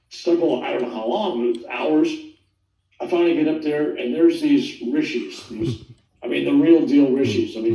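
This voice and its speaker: An older man casually telling his near-death story in a rambling, animated way, acting out the voices he quotes. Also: medium pitch. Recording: roomy sound, distant from the mic.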